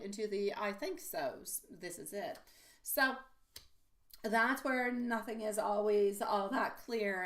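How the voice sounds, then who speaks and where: Chatty woman giving a live tarot reading. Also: mid-range voice. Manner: chatty, affectionate, calls viewers sweetie; rambling with many fillers and restarts. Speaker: tarot reader.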